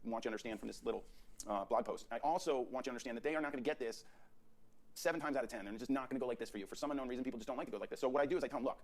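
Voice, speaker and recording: A man teaching portrait posing in his photo studio, directing a subject with energetic, repetitive coaching. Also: mid-range voice. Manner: rapid, energetic coaching with frequent restarts and repeats.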